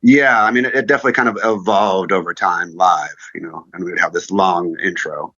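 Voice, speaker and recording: Male musician guest, laid-back, short answers, lowish voice, dry lo-fi sound. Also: fairly even intonation, fairly quick, bright, forceful tone. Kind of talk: casual interview chat.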